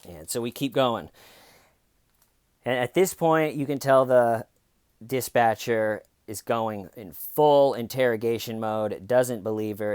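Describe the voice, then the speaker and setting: A man hosts a comedic true crime commentary, talking with a sarcastic edge and slipping into mocking voices for the people he quotes. His voice is smooth and resonant, and it is recorded close and dry with no room sound. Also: on the low side, a little mellow, dry recording.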